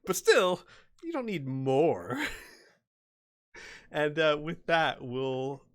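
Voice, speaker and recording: A man's voice: on the high side, drawn-out words. A man running a tabletop game as game master, narrating scenes and laughing often. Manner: laughing often, lively delivery.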